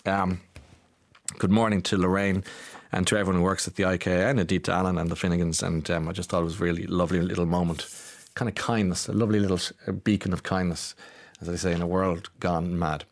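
Irish male radio host, lower voice, self-mocking, rambling storyteller. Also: steady tone, fast. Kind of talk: chatty morning radio talk.

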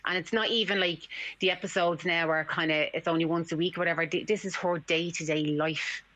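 A woman's voice: fairly low pitch, steady tone, brisk, fairly bright tone, poor audio. An Irish mother speaking earnestly on a radio talk show, often repeating herself. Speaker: caller, mother. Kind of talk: radio phone-in conversation.

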